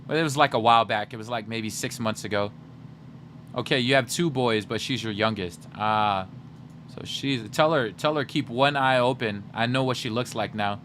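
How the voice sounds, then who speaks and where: Bright-voiced joking young streamer man. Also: mid-range voice, moderate pace, slight background noise. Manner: joking, animated, teasing. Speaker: livestream host. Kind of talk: casual livestream chat to viewers.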